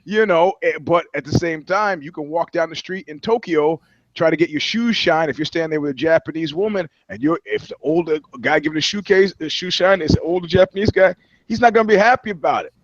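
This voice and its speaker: A man's voice: on the high side, a little fast, no echo, lo-fi sound. A man talking as a podcast guest, telling loose, profane anecdotes in casual chat. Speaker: guest, touring musician.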